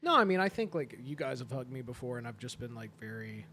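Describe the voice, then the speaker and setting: A man's voice: medium pitch, fast, a crowd in the background. A young man co-hosting a podcast, bantering casually with friends and acting out stories with laughter. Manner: animated, laughing, acts out stories. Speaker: podcast co-host.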